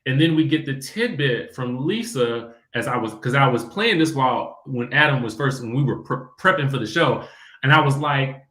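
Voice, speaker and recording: A man hosting a casual reality-TV chat show, animated and quick to laugh. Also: mid-range voice, echoey room. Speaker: podcast host.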